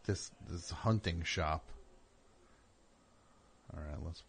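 A man's voice: low voice, takes it slowly, vocal fry, a little hiss or hum. A man hosting a call-in show in casual chat, riffing sarcastically with stammering restarts.

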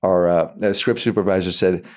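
A man being interviewed about his acting work, talking in a halting way and often repeating words as he thinks aloud. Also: deep voice, steady tone, a little mellow. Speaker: actor, interview guest. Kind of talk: casual interview talk.

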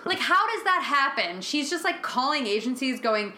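A woman co-hosting a podcast, chatting casually and swearing as she recaps a TV episode. Her voice sits a bit high and sounds bright and forceful. The room around her is echoey, with faint ambience. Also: sing-song, moderate pace, a little hiss or hum. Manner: swears freely, acts out characters' lines. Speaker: podcast co-host.

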